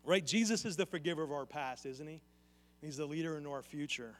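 A high-pitched male pastor delivers an earnest sermon and keeps turning to the congregation with direct questions. His voice rings out through the long echo of a church hall. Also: moderate pace, a bit bright. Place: church sanctuary.

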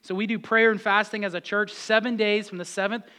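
A man's voice: high-pitched, flat delivery, fairly quick, sharp tone, clear, resonant tone. A middle-aged man preaching a sermon as pastor, exhorting and repeating key phrases with conversational asides to the congregation.

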